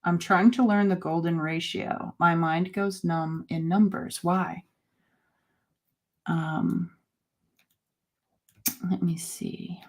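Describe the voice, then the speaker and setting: Slow, low-voiced woman hosting a chat. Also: fairly even intonation. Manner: slow, halting, with many fillers and soft laughs. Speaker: host. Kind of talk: casual live chat with viewers.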